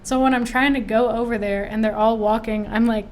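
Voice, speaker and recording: A woman in her twenties, a grad student co-hosting a podcast, talking in a chatty, relaxed way with frequent laughs and filler words. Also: on the high side, brisk, slight background noise. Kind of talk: casual chat.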